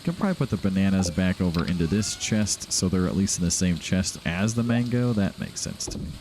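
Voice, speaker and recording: Chatty low-voiced man playing a farming game. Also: lively intonation, a little fast, darkish tone, slight background noise. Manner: chatty, rambling, laughs often. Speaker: host of a game playthrough. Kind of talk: casual gameplay commentary.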